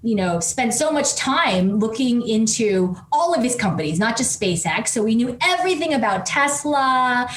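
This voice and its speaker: A woman professor telling a story as a podcast guest, animated and quick, with many fillers. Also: a little high. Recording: roomy echo with faint noise.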